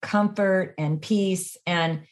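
A woman's voice: on the low side, fairly even intonation, slow pace. Woman, podcast host, encouraging, reflective, casual conversation.

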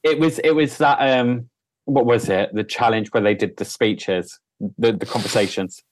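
A man guesting on a podcast, chatting casually at a middle pitch. He is cheeky and trades bawdy jokes, and the recording is close and dry. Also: moderate pace, dry recording, poor audio. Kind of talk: casual chat.

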